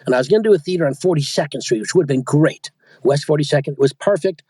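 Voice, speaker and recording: A man's voice: fairly high pitch, quick pace, darkish tone, husky, no echo. A man, an audiobook narrator and coach, talking casually in an interview, rambling and often restarting his sentences. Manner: rambling, self-interrupting, chatty.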